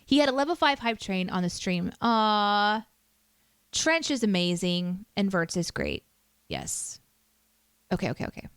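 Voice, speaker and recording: A woman's voice: mid-range voice, huge pitch swings, a little slow, fairly bright tone, smooth, dry recording. A woman streamer chatting casually with her viewers, reading chat aloud and teasing herself. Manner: chatty, self-deprecating, reads chat aloud.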